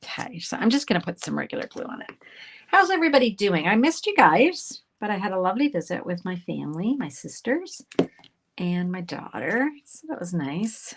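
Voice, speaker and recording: A woman's voice: mid-range voice, big pitch swings, normal speed, a little hiss or hum. A woman from Canada chatting casually with viewers while making cards, talking to herself as she works and poking fun at her own slips. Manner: chatty, self-deprecating, talks to viewers while working. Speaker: card-making instructor. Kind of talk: casual crafting tutorial.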